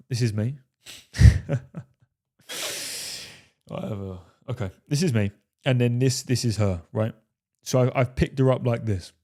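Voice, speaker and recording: A man's voice: on the low side, warm tone. A man giving casual, brash dating and fitness advice to men, swearing freely and calling the listener "fellas". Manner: brash, profane, keeps addressing the listener as "fellas"; jokingly refers to himself in the third person. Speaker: dating coach. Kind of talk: casual talking-head advice.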